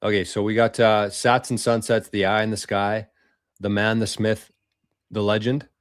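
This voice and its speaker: A man hosting a casual livestream, reading viewer comments aloud in a loose, swearing, chatty way with quick laughs. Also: fairly low pitch, level tone, no echo, clean studio sound. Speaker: livestream host.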